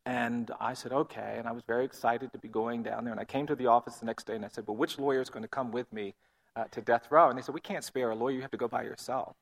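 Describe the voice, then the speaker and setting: Gravelly earnest man telling a story. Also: medium pitch, fairly even intonation. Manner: earnest, measured, often quiet. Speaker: speaker telling a personal story. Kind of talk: storytelling talk.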